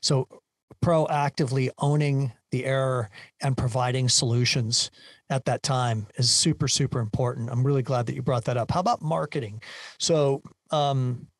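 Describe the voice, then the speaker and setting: A man's voice: mid-range voice, fairly even intonation, normal speed, dry recording. A man hosting a business podcast, earnest and emphatic, asking long framing questions. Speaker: podcast host. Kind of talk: interview hosting.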